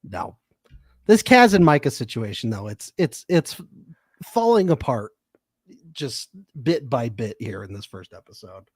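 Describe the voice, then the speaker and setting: A playful American man co-hosting a podcast, with a voice that swings a lot in pitch. He banters casually, and the recording is dry and close to the mic. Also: sing-song, a little slow, slightly rough, dry recording. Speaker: podcast co-host. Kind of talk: casual recap chat.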